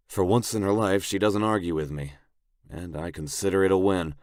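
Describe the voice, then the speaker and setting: A man reading a first-person audiobook narration in a gruff, blunt, brooding manner, close on the mic. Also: low voice, moderate pace, darkish tone, dry recording.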